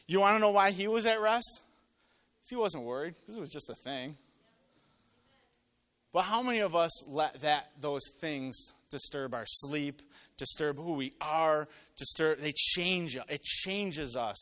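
A man preaching a sermon to a live congregation, telling stories and acting out voices, swinging from loud to quiet. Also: on the high side, expressive, a little slow. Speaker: pastor. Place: church with live audience.

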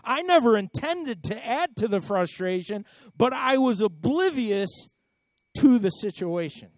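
A man with a notably high voice preaches a sermon, telling it like a personal story. He often doubles his words and rises into emphatic swells. The sound is close and dry. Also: lively intonation, measured pace, darkish tone, no echo. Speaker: pastor.

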